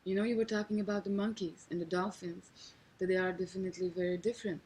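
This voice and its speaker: A woman's voice: lowish voice, fairly even intonation, quick pace, a little mellow, slight background noise, poor audio. A woman interviewer asking curious, probing questions with hesitant restarts, on an archival tape recording. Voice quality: husky.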